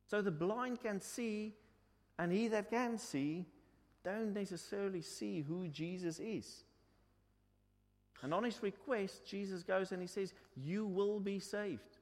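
A man's voice: high-pitched, a little slow. A man preaching a sermon. He tells the story, asks the listeners questions, and repeats his points in two languages. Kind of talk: bilingual sermon. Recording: long hall reverb.

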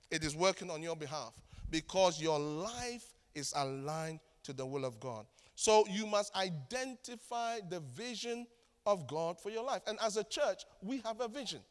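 High-pitched pastor guy preaching, calls out for amens, loud then quiet, big echoey church hall. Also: clear, resonant tone. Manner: preaching with call-and-response, swinging between loud exclamations and quiet asides. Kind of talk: sermon. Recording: long hall reverb.

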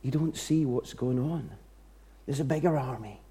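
A man preacher voicing a calm old male prophet who speaks softly and unhurriedly. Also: medium pitch, normal speed, slightly rough. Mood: unbothered.

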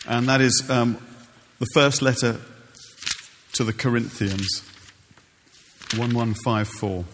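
Man, preaching, chatty with restarts, mid-pitched, long reverb of a church. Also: slow, fairly bright tone, slight background noise. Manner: conversational, with many ums and repeated starts. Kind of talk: sermon.

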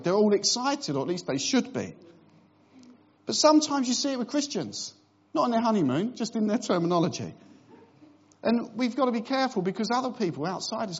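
A man's voice: a little high, darkish tone, husky, highs cut off. Middle-aged male preacher, wry and conversational. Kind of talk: sermon.

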